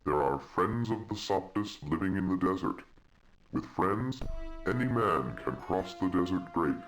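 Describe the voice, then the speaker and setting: Very low-voiced desert traveler, formal and stilted, for a game. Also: male voice, expressive, measured pace. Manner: formal, inverted word order. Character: foreign traveler envoy, man, odd grammar. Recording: game audio over music.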